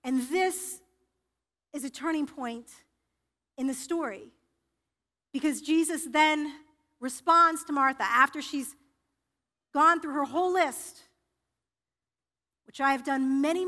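A woman preaching with a high, bright voice that rings through a reverberant sanctuary. She speaks in a personal, confessional way and often restarts her sentences. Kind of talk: sermon. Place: church sanctuary. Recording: reverberant church hall.

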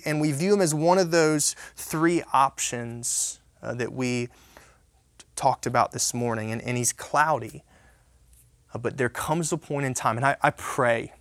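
A man's voice: mid-range voice, a bit bright, no echo. A man preaching a sermon in a conversational, emphatic way, with frequent restarts and tag questions. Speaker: pastor.

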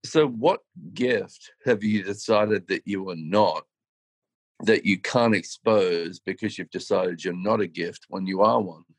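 A man's voice: low voice, measured pace, dry recording. A man co-hosting a casual, reflective chat, speaking earnestly and acting out his own thoughts. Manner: reflective, earnest, self-quoting. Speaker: co-host.

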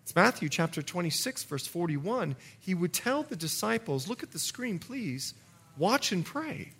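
Bright, animated pastor telling stories. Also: male voice, high voice, normal speed, breathy edge. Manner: animated storyteller, jokey asides, shifts from loud to hushed. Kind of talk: sermon with storytelling.

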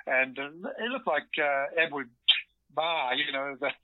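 A man's voice: a little high, measured pace, no echo. Older Australian man telling stories by phone. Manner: animated anecdotes, acts out quoted lines. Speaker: guest actor. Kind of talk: storytelling interview. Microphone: phone line. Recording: dull lo-fi phone audio.

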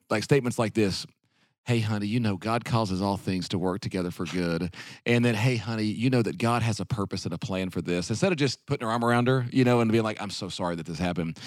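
A man's voice: medium pitch, no room sound, clean studio sound. A man hosting a casual podcast chat, telling stories in a rambling way with lots of filler words. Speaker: podcast host.

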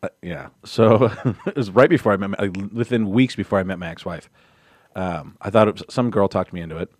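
Fast-talking man in casual podcast chat. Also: dry recording, studio quality. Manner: animated storyteller, jumps into high-pitched quoted voices. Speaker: podcast guest.

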